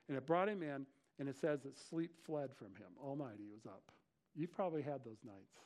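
A male pastor giving a conversational sermon, retelling scripture with lively slang asides. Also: mid-range voice, moderate pace. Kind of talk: expository sermon.

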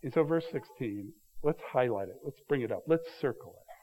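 A man's voice: medium pitch, normal speed, poor audio. A man preaching an expository sermon, explaining the text in a conversational way, with rhetorical questions to his listeners. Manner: paraphrases the text with lively emphasis. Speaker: pastor.

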